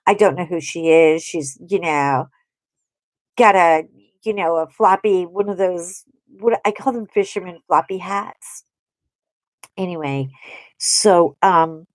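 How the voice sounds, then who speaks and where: A woman hosting a casual livestream, chatting and telling a story while she draws, animated and acting out quotes. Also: on the low side, takes it slowly, long pauses, no room sound. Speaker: host.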